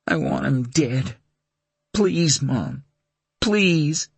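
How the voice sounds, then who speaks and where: A man's voice: medium pitch, animated, drawn-out words, vocal fry, breathy edge, no echo, voice pushed up, exaggerated voice. A man reading an audiobook, voicing a traumatized young son whose voice turns hard and cold. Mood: sobbing. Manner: pleading, then hard and cold. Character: traumatized young son, boy, fierce and grieving. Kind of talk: audiobook character voice.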